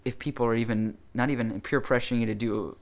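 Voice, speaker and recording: Man, gravelly, mid pitch, earnest, talkative podcast host. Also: steady tone, quick pace. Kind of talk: casual chat.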